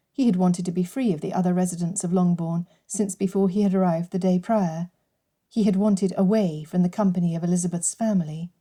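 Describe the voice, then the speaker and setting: Dark-voiced woman audiobook narrator. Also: fairly low pitch. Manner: measured, even storytelling. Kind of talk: scripted narration.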